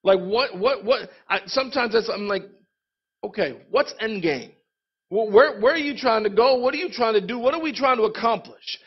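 A man delivers a lively, conversational sermon and keeps calling out to his congregation. His voice sits high for a man. The recording is dull and lo-fi. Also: normal speed, husky. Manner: lively, conversational preaching with congregation call-outs. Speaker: pastor.

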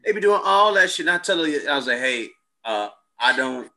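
A man's voice: fairly high pitch, fairly quick. A man in casual chat, telling stories with slang and lots of cursing. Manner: profane, animated storytelling with slang.

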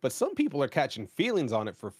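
A man's voice: medium pitch, wildly swooping pitch, fast, husky, no echo. Chill guy co-hosting a gaming podcast, rambles through stories, cusses, dry mic. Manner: loose storytelling with fillers and swearing. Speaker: podcast co-host. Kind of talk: casual chat.

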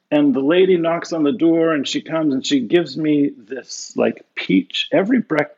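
Guest storyteller, middle-aged man, gravelly and husky, dull lo-fi sound. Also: fairly high pitch. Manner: animated anecdotes with frequent laughs and restarts. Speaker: guest, professor and author. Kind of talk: conversational storytelling.

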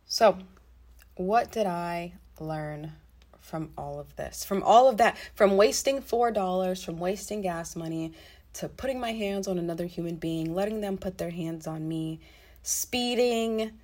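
Speaking a little slowly in a lowish voice, a young woman relates a story from her life for her vlog. She's profane and blunt, swearing freely and animatedly, and drifts into asides often.

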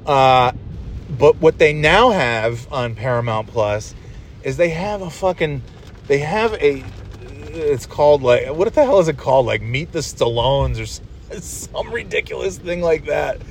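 A man's voice: fairly high pitch, lively intonation, a little slow. A man in his forties hosting a casual solo monologue from inside a moving car, rambling, swearing and full of fillers. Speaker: podcast host. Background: faint vehicle hum.

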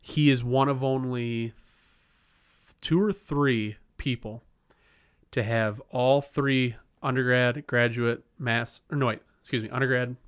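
A man in his thirties, a podcast co-host, telling stories in casual chat, animated, laughing and swearing often. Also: mid-range voice, slow, clear, resonant tone, dry recording, studio quality. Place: podcast studio.

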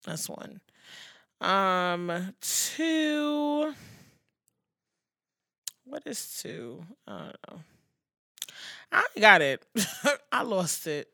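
A woman co-hosting a casual chat podcast, animated, rambling and heavy on profanity. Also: lowish voice, drawn-out words, creaky, pauses often, dry recording, clean studio sound. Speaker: podcast co-host.

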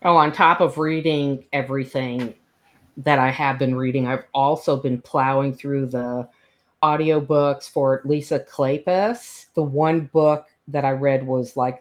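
A woman chats as a podcast co-host, her voice sitting low. She tells her stories in an animated, gushing rush. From New York. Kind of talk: casual chat.

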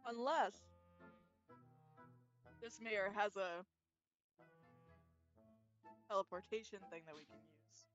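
A woman's voice: mid-range voice, takes it slowly, pauses often, dull audio, faint music behind. A woman playing a tabletop game, speaking earnestly and politely. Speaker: player. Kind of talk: casual tabletop play.

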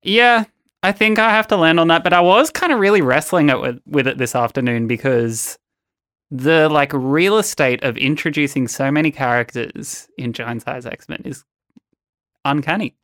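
A man's voice: on the high side, normal speed, a bit bright, dry recording, studio quality. A man co-hosting a podcast, chatting casually about comics and laughing often. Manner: chatty, laughs often, reads panels aloud. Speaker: podcast co-host.

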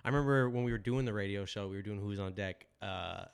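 A man's voice: on the low side, fast, smooth. A man hosting a casual podcast chat, laid-back, mostly short reactions before he tells his own story. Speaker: podcast host.

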